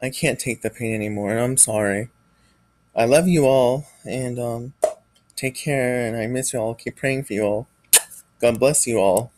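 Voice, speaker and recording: A man speaking in a personal confessional vlog, near tears, halting and hesitant, often trailing off. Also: medium pitch, fairly even intonation, no echo, rough recording. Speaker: vlogger.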